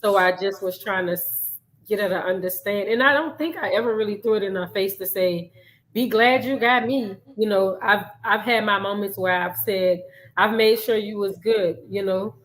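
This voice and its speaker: A middle-aged woman, a mother, talking on a show with emotion and hesitation, pausing often. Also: mid-range voice, fairly bright tone, poor audio. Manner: emotional, hesitant, many "um" pauses. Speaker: guest, mother. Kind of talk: casual talk show conversation.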